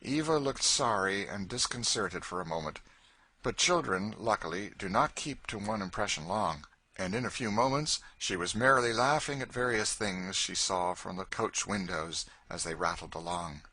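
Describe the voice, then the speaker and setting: A man with a lowish voice narrates a classic novel for an audiobook, telling the story in a measured, even way. It's scripted narration in a dry recording.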